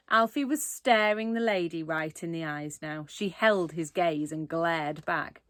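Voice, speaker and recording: A woman's voice: on the low side, unhurried, few pauses, dry recording, clean studio sound. A woman reading a children's book aloud expressively, with asides to young listeners. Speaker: reader.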